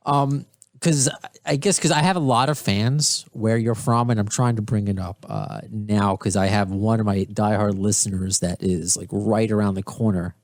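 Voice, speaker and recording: A man's voice: fairly low pitch, fairly even intonation, moderate pace, no echo, clean studio sound. A man hosting a podcast, talking casually and enthusiastically, often restarting his sentences. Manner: rambling, enthusiastic, many restarts. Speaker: podcast host.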